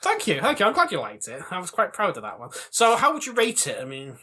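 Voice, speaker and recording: A man's voice: high-pitched, wildly swooping pitch, quick pace, sharp tone. A man co-hosting a crude comedy podcast, playful, swearing and laughing often. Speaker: podcast co-host.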